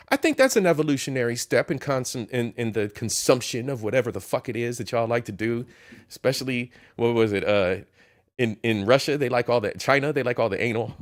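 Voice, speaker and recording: Brief: male host, mocking, swears a lot, lively swooping pitch. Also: vocal fry. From Ohio. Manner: profane, mocking, animated. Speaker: commentary host. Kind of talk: casual reaction commentary.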